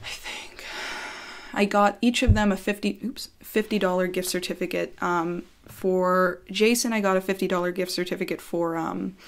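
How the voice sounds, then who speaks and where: Speaking to camera in a laid-back vlog, a woman recounts something from her own life in a mid-range voice. Her delivery is talkative and frank, with plenty of swearing and frequent use of "like" as filler.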